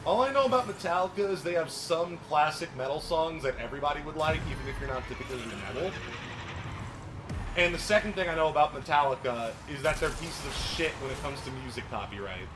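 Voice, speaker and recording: A man streaming a racing game, commenting casually, swearing often and breaking into yelps and shouts. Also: on the high side, fast talker. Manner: excitable, swears a lot, bursts into yelps and shouts. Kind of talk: live gameplay commentary. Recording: noisy game stream audio.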